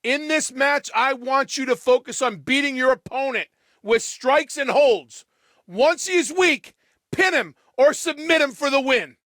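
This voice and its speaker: A wrestling trainer from a video game, voiced by a man, handing out clipped, instructive directions. His voice sits very high and bright. The sound is dry and close. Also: a little slow, dry recording. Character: male wrestling trainer giving match instructions.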